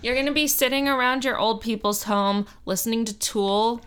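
A woman in her thirties co-hosting a podcast, reacting with quick exclamations and going off on swearing tangents in casual chat. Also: fairly high pitch, a bit bright, clear, resonant tone. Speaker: podcast co-host.

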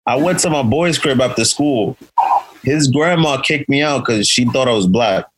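A man co-hosting a podcast, telling a story in relaxed, chatty talk. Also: medium pitch, normal speed, background noise. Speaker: podcast co-host. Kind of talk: casual chat, anecdote.

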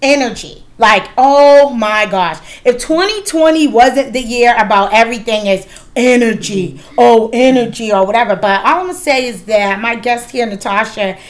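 A woman's voice: fairly high pitch, moderate pace, few pauses. A woman in her thirties hosting a casual chat, candid and swearing freely, with lots of fillers. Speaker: podcast host.

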